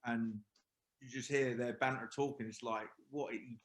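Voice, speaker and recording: A middle-aged man, chatting as a podcast guest about his old teammates. He rambles through anecdotes, restarts his sentences and slips into quoted asides. His voice carries a roomy echo, sitting at an ordinary pitch for a man. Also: steady tone, normal speed. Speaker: podcast guest, former professional footballer. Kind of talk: casual chat, storytelling.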